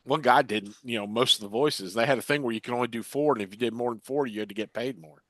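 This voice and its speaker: An older man with an average-pitched voice lays out his points plainly in casual conversation. The sound is dry and close to the mic. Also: fast talker, a bit bright, dry recording. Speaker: podcast co-host. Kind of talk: casual chat.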